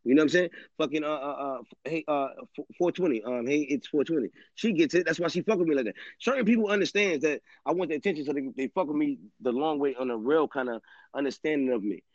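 A man's voice: a little high, fast, darkish tone, no room sound. A man hosting a live stream, rambling casually in street slang and swearing often. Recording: dull lo-fi dry audio.

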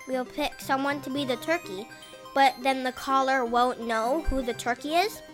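A woman's voice: high-pitched, steady tone, moderate pace, fairly bright tone, faint music behind. A third-grade girl co-hosting a family podcast, earnestly explaining a game step by step. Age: child, third grade. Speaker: podcast co-host. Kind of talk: casual family podcast chat.

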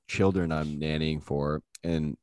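Low-voiced rambling comedian man. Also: steady tone, measured pace, darkish tone, clear, resonant tone, no echo, studio quality. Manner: rambling storyteller, acts out quotes. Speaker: podcast host. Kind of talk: casual comedic chat.

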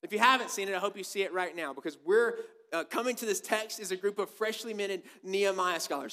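Man, sermon, emphatic, rhetorical questions, high-pitched. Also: fast, few pauses, bright, forceful tone. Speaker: preacher.

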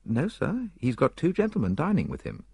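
A matter-of-fact lift attendant, put on by a man answers plainly in a raised, husky voice. The recording is dry and close. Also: a little high, wildly swooping pitch, normal speed, dark tone, no room sound, pitched above the performer's own voice, exaggerated voice. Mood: puzzled. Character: plain-spoken male lift attendant, puzzled.

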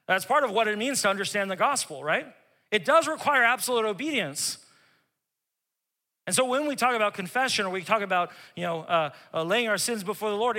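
A male pastor preaching an emphatic sermon, repeating key phrases and dropping to a hush for tender moments. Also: high voice, long reverb tail.

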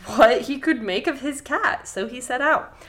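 A woman's voice: high voice, a little slow, fairly bright tone. Woman reading a fairy tale with wry asides. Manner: mock-formal storybook reading broken by wry asides. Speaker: podcast co-host reading folktales.

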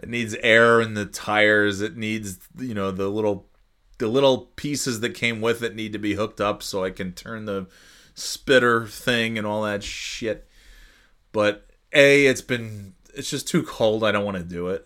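A man's voice: lowish voice, fairly even intonation, a little slow, a bit bright. A man hosting a casual solo podcast, rambling through his thoughts with frequent restarts, swearing and chuckles. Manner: chuckles often between phrases. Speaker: podcast host.

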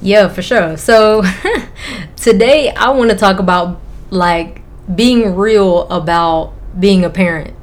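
A woman's voice: mid-range voice, takes it slowly. Young woman cohosting a podcast, laid-back and frank, laughs a lot. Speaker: podcast co-host. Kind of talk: casual chat.

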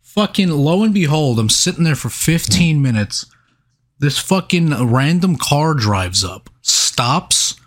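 A man's voice: a little high, slow. Profane man telling a story. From New York. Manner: profane, animated anecdote with laughs. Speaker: podcast co-host. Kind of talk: casual storytelling chat.

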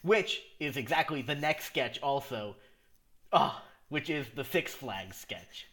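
A man's voice: mid-range voice, animated, slow, fairly bright tone. A man co-hosting a podcast, recapping a comedy sketch in casual chat, rambling with frequent laughs and restarts. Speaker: podcast co-host.

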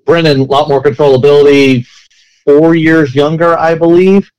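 A man's voice: on the high side, flat delivery, normal speed, darkish tone, clean tone, low-quality recording. A man co-hosting a casual sports podcast, rambling with many restarts. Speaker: co-host.

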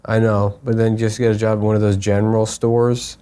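A man with a low, mellow voice riffs through a loose comedy podcast chat. He rambles, jokes and leaves sentences half-finished as he talks. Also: flat delivery, a little fast, clear, resonant tone. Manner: rambling, joking, trails off mid-sentence. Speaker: podcast co-host.

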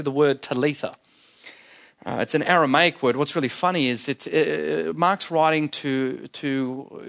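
Emphatic higher-voiced male preacher. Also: a bit bright. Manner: emphatic, repeats key phrases for effect; conversational, explains scripture plainly. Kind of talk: sermon.

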